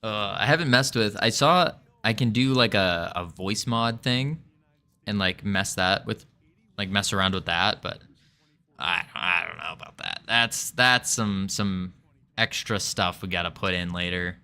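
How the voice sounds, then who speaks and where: A man's voice: fairly low pitch, measured pace, pushed and bright, clear, resonant tone. A man live-streaming his game development, muttering through code and joking about himself. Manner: muttering while reading code, self-deprecating. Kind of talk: casual live coding commentary.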